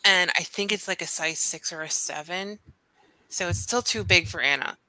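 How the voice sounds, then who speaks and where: A woman's voice: on the low side, moderate pace, pushed and bright, no room sound. A woman chatting casually on voice chat, rambling and giggling as she talks. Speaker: streamer and mother.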